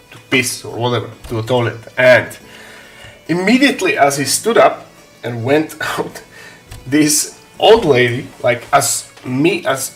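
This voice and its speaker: A man spins a story for his stream audience in a casual, animated way, swearing freely and laughing along. His voice sits at an ordinary middle pitch. Faint music plays quietly behind him. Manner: animated, swearing, laughs often while telling. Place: home hobby room.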